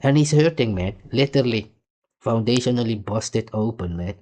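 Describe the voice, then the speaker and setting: A man's voice: medium pitch, expressive, moderate pace, darkish tone. A man hosting a reaction video, mocking and arguing heatedly with the clip he plays. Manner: mocking, insulting, argumentative. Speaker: commentary host reacting to clips.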